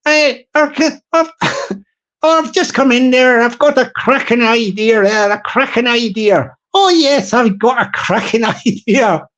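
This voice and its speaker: A man playing an eager fellow pitching a money-making idea at a council meeting, excitable, repetitive and giggling. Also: measured pace.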